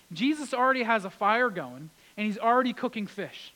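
A man with a high-pitched voice delivers a sermon. He leans on repeated words and moves from raised, urgent passages down to quiet, hushed ones. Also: expressive, moderate pace, low-quality recording. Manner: emphatic, repeats key words, swings between loud and hushed. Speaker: preacher.

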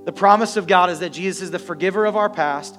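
Man, pastor, slightly high voice, lively joking sermon, faint music behind. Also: fast talker. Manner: animated, joking asides to the congregation.

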